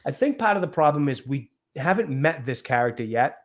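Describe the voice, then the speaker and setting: A man's voice: mid-range voice, expressive, brisk. A man co-hosting a casual film review chat, talking loosely, laughing often and restarting his sentences. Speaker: podcast co-host.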